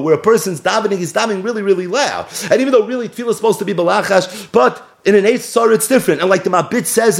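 A man teaches a sacred text, reading each line and then explaining it. His fairly high voice swings widely, rising for emphasis and dropping to low asides. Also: gravelly. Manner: reads Aramaic and Hebrew lines, then explains in English with Yiddish words. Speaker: Torah teacher. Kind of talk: Talmud-style text study.

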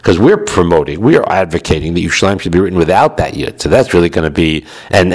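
A man teaching Jewish law in an explanatory lecture, patiently repeating his points and checking in with the listener. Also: low voice. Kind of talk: explanatory text-study lecture.

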